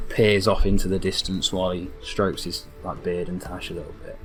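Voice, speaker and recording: A man's voice: low voice, flat delivery, a little fast, few pauses, music in the background. A man narrating a tabletop game as game master, rambling casually and swearing now and then.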